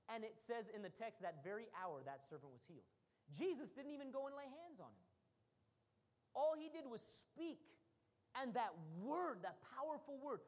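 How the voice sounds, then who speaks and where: Woman preacher in a reverberant hall. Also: mid-range voice. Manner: animated storytelling, rising to emphatic bursts. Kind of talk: sermon.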